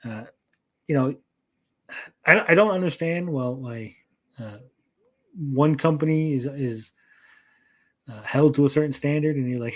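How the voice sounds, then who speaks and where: A man's voice: a little high, expressive, moderate pace, long pauses, fairly bright tone. A man hosting a casual gaming news chat, rambling with lots of fillers and repeated words, reacting to chat and swearing casually. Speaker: podcast host.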